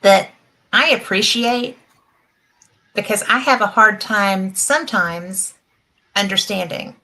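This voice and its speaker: A woman's voice: mid-range voice, slow pace, sharp tone, rough recording. An American woman hosting a casual interview, speaking in a supportive, agreeing way. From United States. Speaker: interview host.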